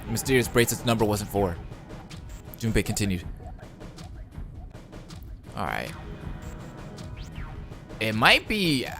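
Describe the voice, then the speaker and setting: A man doing a let's play of a visual novel, reading the text aloud and reacting excitedly. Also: lowish voice, slow pace, pauses often. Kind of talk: gameplay commentary and text reading. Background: game music.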